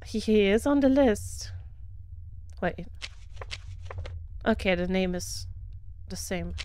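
A woman's voice: medium pitch, expressive, takes it slowly, a little mellow, a little hiss or hum. A woman with a German accent, chatting casually while streaming a game, laughing and greeting followers. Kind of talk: casual live gameplay commentary.

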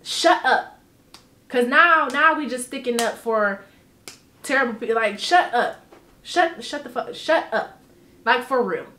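Animated woman vlogger in a roomy space. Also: a little high, unhurried, pauses often. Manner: animated, emphatic, swears freely. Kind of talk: casual storytime.

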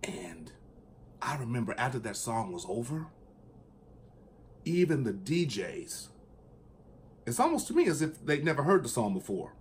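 A man chatting casually and enthusiastically about his record collection, at times singing along in a high falsetto. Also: very animated, moderate pace, long pauses, a little hiss or hum. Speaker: vinyl collector vlogger. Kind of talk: casual chat.

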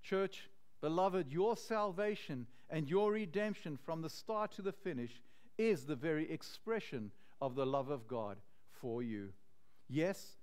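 A man pastor preaching a sermon in an earnest, slow and emphatic way. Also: on the high side, a little mellow, clear, resonant tone.

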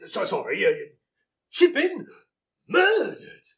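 Brief: man playing a pompous, bumbling inspector for a comedy sketch, high voice that swoops around, stammering bluster. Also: very animated, measured pace, exaggerated voice. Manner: blustering, stammering, chuckling at himself. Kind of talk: live comedy sketch reading.

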